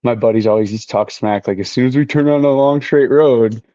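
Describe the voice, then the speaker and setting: A man's voice: medium pitch, brisk, no echo, muffled recording. A man who races motorcycles, a guest talking casually and easily with many fillers. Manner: relaxed, many fillers like "you know". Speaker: podcast guest, motorcycle racer. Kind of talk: casual conversation.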